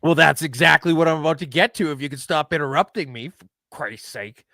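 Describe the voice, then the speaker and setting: A man's voice: fairly high pitch, a little fast, sharp tone, dry recording, studio quality. A man hosting a casual news chat, reading headlines aloud and teasing his guest with sarcasm. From Alberta. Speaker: show host.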